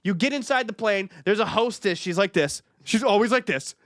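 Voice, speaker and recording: A man's voice: high-pitched, brisk, fairly bright tone, no echo, studio quality. A young man co-hosting a radio show, ranting in a comic, profane, exasperated way. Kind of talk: comedic rant.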